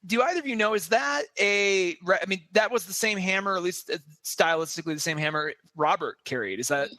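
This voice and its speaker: A man co-hosting a casual podcast chat, animated and laughing as he acts out characters' lines. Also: high voice, a little fast, no room sound. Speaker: podcast co-host.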